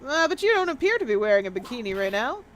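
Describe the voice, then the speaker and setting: A woman voicing a composed young male prosecutor, speaking in a dry, measured, lowered tone. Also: sing-song, slight background noise.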